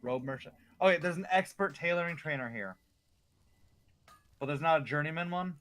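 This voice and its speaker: A man's voice: fairly high pitch, moderate pace, fairly bright tone. Chatty man rambling over a game. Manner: rambling, chatty storytelling with fillers. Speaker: co-op gamer. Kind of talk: casual chat while gaming.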